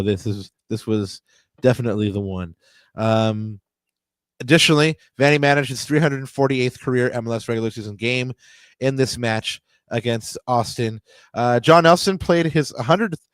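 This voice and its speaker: A man's voice: medium pitch, clear, resonant tone, no room sound. A man co-hosting a sports podcast in casual chat, reading out stats with frequent fillers and restarts. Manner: conversational, many fillers and restarts. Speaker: podcast co-host.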